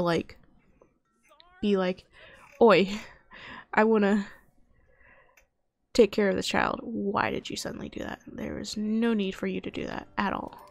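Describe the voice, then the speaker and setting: Slow-talking woman narrating her game. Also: medium pitch, vocal fry, darkish tone, no room sound. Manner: chatty, talks to her game characters, mutters to herself. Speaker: gaming youtuber. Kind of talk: casual let's-play commentary.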